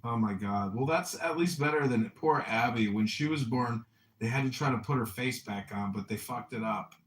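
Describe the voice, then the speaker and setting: A man hosting a casual talk show, teasing a caller in a deadpan, mock-earnest way. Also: medium pitch, moderate pace, roomy sound, distant mic, a little hiss or hum. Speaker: host. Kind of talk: casual chat, teasing call.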